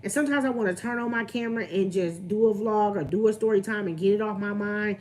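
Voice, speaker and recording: A woman's voice: medium pitch, fast, darkish tone. A young woman, venting candidly on her livestream and greeting viewers as she talks. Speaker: vlogger on a livestream.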